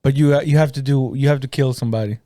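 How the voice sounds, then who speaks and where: A man's voice: mid-range voice, fairly even intonation, very fast, mellow, no room sound, studio quality. A man on a casual comedy podcast, throwing in blunt, teasing questions.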